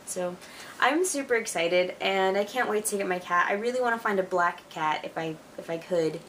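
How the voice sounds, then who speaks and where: A woman's voice: fairly low pitch, distant mic, slight background noise. Chatty young woman vlogging from home. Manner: chatty and excitable, with lots of "like" and "you know". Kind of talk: casual video letter to a friend. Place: at home, alone.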